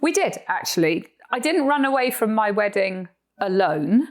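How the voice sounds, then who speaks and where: A woman's voice: mid-range voice, very animated, normal speed. Cornish woman, chatty storyteller. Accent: Cornish English. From Cornwall, England. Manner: chatty storyteller, laughs often. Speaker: podcast co-host. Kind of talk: casual chat. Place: sofa in a rented house.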